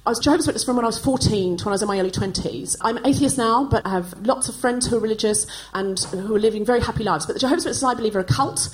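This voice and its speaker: A woman's voice: on the high side, racing, hardly any pauses, slight background noise, poor audio. A woman in her forties from Australia, hosting a podcast on a live stage and delivering a stand-up comedy monologue with wry, self-mocking timing. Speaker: podcast host. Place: live stage before an audience.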